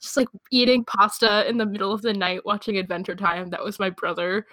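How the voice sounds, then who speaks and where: A young woman co-hosting a casual chat, talking in quick asides and laughing often. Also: mid-range voice, steady tone, fairly bright tone, dry recording. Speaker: podcast co-host. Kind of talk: casual chat about anime.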